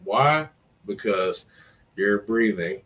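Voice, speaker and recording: A man's voice: fairly low pitch, animated, slow, a bit bright, rough recording. A middle-aged man rambling in a casual vlog, wry and self-deprecating, trailing off between thoughts. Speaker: vlogger.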